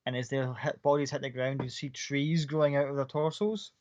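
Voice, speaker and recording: A man's voice: mid-range voice, little pitch movement, a little fast, a little mellow, no echo, muffled recording. A man running a tabletop game as game master, narrating scenes casually and with some swearing.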